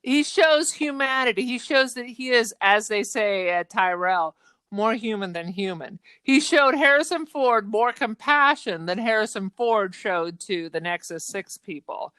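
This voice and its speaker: A woman co-hosting a podcast, chatting casually and retelling a film's plot in an animated way. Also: a little high, a little slow, smooth, no room sound. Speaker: podcast co-host. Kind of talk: casual chat.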